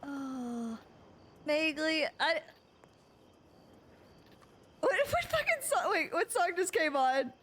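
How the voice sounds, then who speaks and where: A woman's voice: high-pitched, expressive, slow, pauses often, a bit bright, slight background noise. A young woman streaming live and chatting casually, gushing and near tears, rambling as she repeats herself.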